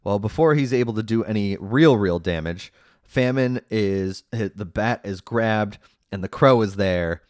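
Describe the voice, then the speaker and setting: A low-voiced man talks through a plot recap in a loose, rambling podcast style, with fillers piling up between his points. His dry, close sound carries a wry, sarcastic edge as he picks the story apart. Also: dry recording. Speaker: podcast host recapping a movie. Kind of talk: casual spoken recap.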